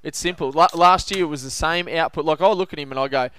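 An Australian man hosting a casual sports betting podcast, talking up his picks with confident, animated banter. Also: a little high, quick pace, a little hiss or hum. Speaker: podcast host.

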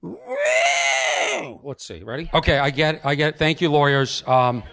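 A man, a stand-up comedian, telling a story on his podcast in an exasperated, animated way. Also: on the high side, fairly quick.

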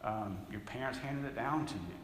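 A man leading a Bible lesson from a handout, talking in a loose, emphatic way and restarting his phrases. His voice sits at an ordinary middle pitch. It rings with a strong, long echo from the hall, with faint ambience in the background. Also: normal speed, slight background noise. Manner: conversational, emphatic, rambling with restarts. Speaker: Bible teacher. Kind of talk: classroom teaching with a handout.

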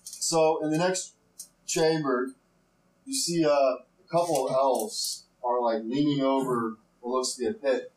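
A man's voice: medium pitch, fairly even intonation, measured pace. Casual game-master man, roomy room. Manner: loose, hesitant, with fillers. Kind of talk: narrating a tabletop game. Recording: roomy room with faint noise.

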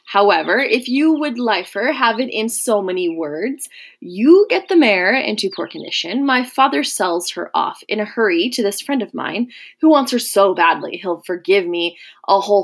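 A woman reading the part of a charming, scheming young Roman nobleman, smooth and mocking with a quiet menace. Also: medium pitch, heavily acted. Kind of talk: audiobook character reading.

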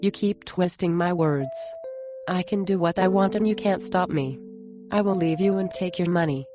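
A woman's voice: lowish voice, normal speed, close to an everyday voice. A woman playing a cold, contemptuous wife. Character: cruel, contemptuous wife insulting her husband. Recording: muffled sound with music behind.

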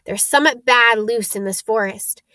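Gruff, loud giant gamekeeper, rural English dialect, impatient; a woman reads him. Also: a little high, unhurried, no room sound, clean studio sound. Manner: loud, blunt, grumbling.

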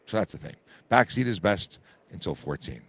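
A hoarse man, a police constable from Canada, explaining traffic rules informally on a live radio call-in from a busy auto show. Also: deep voice, expressive, normal speed, a bit bright, no room sound.

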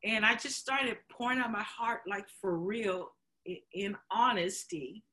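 Bright-voiced woman telling a candid story. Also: medium pitch, measured pace. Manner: emotional, chokes up while telling it; laughs often, acts out quotes. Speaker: show host sharing her story. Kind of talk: candid conversation.

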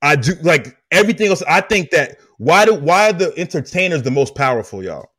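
A man hosting a podcast, telling a personal story in an animated, emphatic way and talking straight to his listeners with slang. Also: a little high, a little fast, breathy edge, no room sound, studio quality. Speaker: podcast host. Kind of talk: casual storytelling chat.

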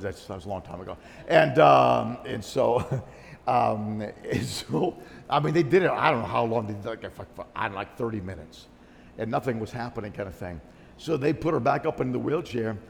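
A man preaching a sermon, telling a story in a rambling, animated way with many restarts and asides. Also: mid-range voice, gravelly. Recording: long hall reverb.

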